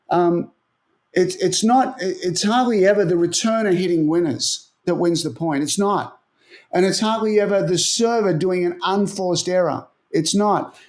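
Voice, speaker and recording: A man's voice: high-pitched, a little mellow. A man who coaches tennis strategy, telling stories animatedly in a casual interview and often repeating words as he thinks. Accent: Australian.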